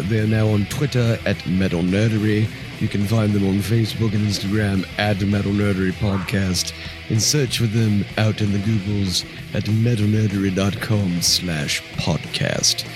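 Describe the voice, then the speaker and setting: A stiff, mock-formal announcer, voiced by a man reads a podcast outro. His voice sits low. Music plays clearly beneath him. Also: fairly even intonation, moderate pace, natural voice. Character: pompous announcer man, deadpan.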